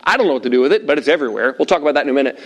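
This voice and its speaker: A middle-aged man preaching to a room of listeners at tables, telling a story in a lively way and acting out the lines he quotes. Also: medium pitch, very fast. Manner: animated storyteller, acts out shouted quotes. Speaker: pastor. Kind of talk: sermon with personal story.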